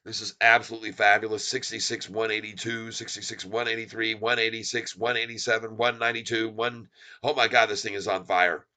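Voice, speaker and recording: A middle-aged man hosting a live stock market stream, calling out share counts and prices in an excited, rapid patter. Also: on the low side. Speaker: stock market livestream host. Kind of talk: live stock-ticker commentary.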